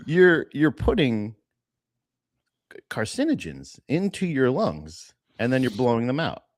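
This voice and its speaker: A man's voice: mid-range voice, wildly swooping pitch, a little slow. A man co-hosting a casual comedy podcast, laughing often and acting out other people's voices. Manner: laughing, acts out quoted voices. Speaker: podcast co-host.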